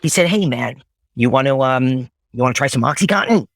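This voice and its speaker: A man's voice: mid-range voice, fast, dry recording. Candid man acting out his past. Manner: animated storytelling, acting out past conversations; blunt, swears casually. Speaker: man in recovery sharing his story. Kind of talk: candid personal testimony in a group.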